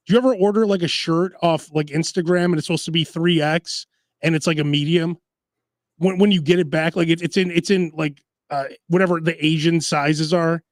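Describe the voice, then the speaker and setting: A man's voice: fairly high pitch, no echo, clean studio sound. A man hosting a casual food podcast, telling rambling stories and mimicking voices. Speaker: podcast host. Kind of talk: casual chat.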